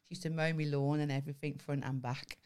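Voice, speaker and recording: Sweary, lively woman. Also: sits low, quick pace, a crowd in the background. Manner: sweary, animated storytelling with laughs. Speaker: podcast co-host. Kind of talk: casual chat.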